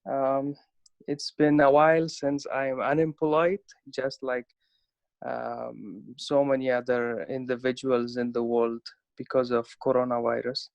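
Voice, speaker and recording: A man's voice: mid-range voice, little pitch movement, unhurried, creaky, no echo, muffled recording. A man from Afghanistan introducing himself on a video call, hesitant with many fillers. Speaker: youth delegate.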